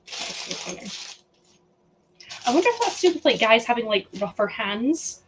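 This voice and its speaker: A woman's voice: a little high, big pitch swings, fast, noisy background. Chatty woman streaming. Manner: chatty, rambling, many "like" fillers, frequent laughs. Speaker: livestream host. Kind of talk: casual chat to a live chat while sorting.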